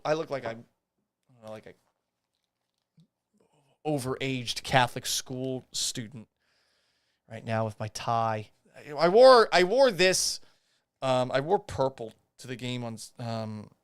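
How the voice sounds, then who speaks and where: A man hosting a live podcast stream rants about a baseball loss, reading chat comments as he goes. His mid-range voice is clean and dry, moving at a moderate pace, and his delivery is profane, animated and sarcastic.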